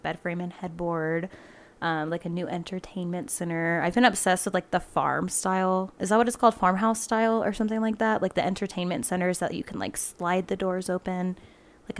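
A woman talks into a home laptop mic as she hosts a true-crime podcast. Her delivery is loose and chatty, full of filler words and quick asides. She also reads out case details in the same relaxed way. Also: on the low side. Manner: chatty and loose, heavy use of "like", laughs often. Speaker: podcast host. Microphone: home laptop microphone.

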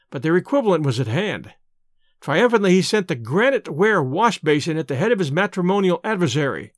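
A man's voice: sits high, dry recording, clean studio sound. A man reading a classic short story aloud with wry, theatrical storytelling. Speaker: narrator.

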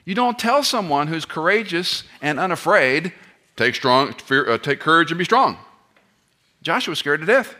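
A man preaching an expository sermon, animated, firing rhetorical questions at the audience and dropping joking asides. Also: on the high side, normal speed.

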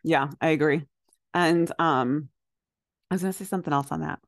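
Lower-voiced woman chatting, dry sound. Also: normal speed, no room sound. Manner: rambling, reflective, lots of "like" fillers. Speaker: podcast co-host. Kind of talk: casual chat.

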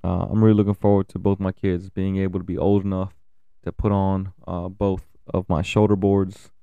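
A man in his thirties talking candidly about his family and kids, swearing often and pausing with fillers. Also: low voice, little pitch movement, vocal fry, clear, resonant tone, dry recording, narrow, tinny audio. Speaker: father sharing family updates. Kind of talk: casual personal talk to camera.

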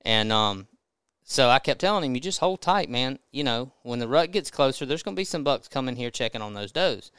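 A man's voice: medium pitch, expressive, brisk, a bit bright, clear, resonant tone, no room sound. A man casually telling a funny hunting story as a podcast guest, laughing as he goes.

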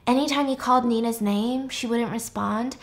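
Animated woman recapping a film. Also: a little high, moderate pace. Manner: animated, acts out characters with quoted voices, swears freely. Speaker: podcast host. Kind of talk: casual movie recap.

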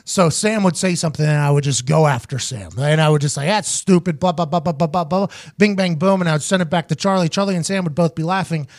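A man hosting a podcast, telling a story in casual chat, quoting others in quick asides. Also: fairly high pitch. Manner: animated, quotes people in quick asides. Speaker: podcast host.

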